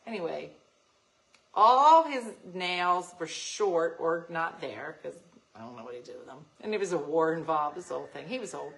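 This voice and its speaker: Chatty lady host with a bright voice, laughs a lot, big swings up and down while she tells stories. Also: low voice, normal speed, gravelly, rough recording. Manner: animated and laughing, acts out voices in anecdotes. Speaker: radio show host. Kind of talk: casual chat, storytelling.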